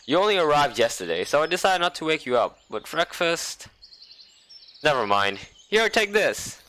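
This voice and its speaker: A man voicing a bossy female summer camp leader who gives brisk, motherly orders. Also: on the high side, sing-song, sharp tone, pitched above the performer's own voice. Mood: bossy cheerful.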